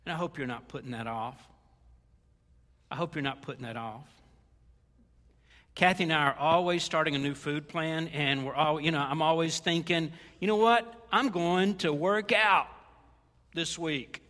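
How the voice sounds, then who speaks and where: Middle-aged guy preaching, chatty and jokey, kinda high voice, long echo tail. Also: steady tone, normal speed, long pauses, bright, forceful tone. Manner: conversational and joking, with quoted asides. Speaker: pastor. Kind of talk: sermon. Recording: long hall reverb.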